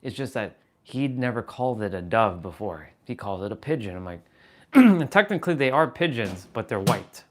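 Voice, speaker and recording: A man hosting a livestream, talking casually and telling an animated story, swearing freely. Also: on the low side, moderate pace. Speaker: livestream host.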